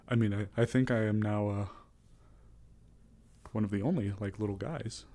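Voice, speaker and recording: A man with a somewhat low voice chats casually on stream between roleplay scenes. He hesitates, restarts his sentences and laughs often. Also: fairly even intonation, a little slow, warm tone. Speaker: streamer playing a roleplay NPC. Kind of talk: casual chat.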